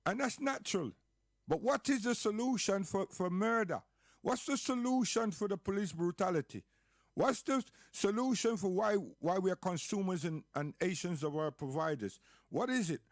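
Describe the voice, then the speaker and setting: A man speaks in an impassioned, emphatic monologue, hammering points with repetition and rhetorical questions. His voice sits a little high. The recording is dry and close, with no room sound. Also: moderate pace, dry recording.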